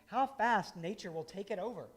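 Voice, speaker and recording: A man's voice: sits high, animated, moderate pace. A middle-aged man from rural Indiana giving a conversational, folksy sermon as pastor.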